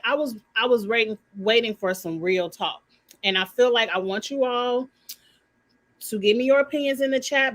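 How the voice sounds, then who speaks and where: A woman's voice: fairly high pitch, fairly bright tone. A woman giving her blunt, opinionated take on a reality show in casual live commentary. She uses slang, swears, and talks straight to her viewers.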